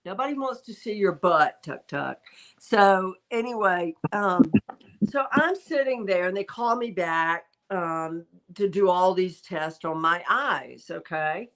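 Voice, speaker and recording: Slow-talking woman medium, chatty. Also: lowish voice, animated, fairly bright tone. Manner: rambling, chatty, breaks off to talk to her pet. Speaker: psychic medium hosting a livestream. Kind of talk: casual storytelling chat.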